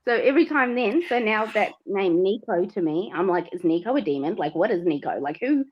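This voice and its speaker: With a medium pitch and a brisk, animated delivery, a woman co-hosting a livestream relates a story. She plays out the quotes and laughs a lot along the way. Her audio, from a livestream mic, has a slightly dull lo-fi character.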